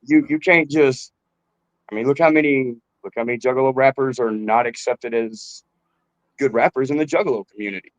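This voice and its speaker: A man, a rapper guest, chats in a laid-back, loose way, swearing freely and calling the host bro. His voice sits at an ordinary middle pitch. The sound is dry, with no room echo. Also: brisk, highs cut off. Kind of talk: casual interview chat.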